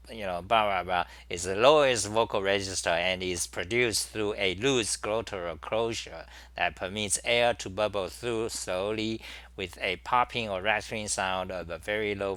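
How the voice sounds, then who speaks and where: A man's voice: mid-range voice, sharp tone, no echo. A man hosting his own talk show in a casual, rambling monologue, full of fillers and restarts.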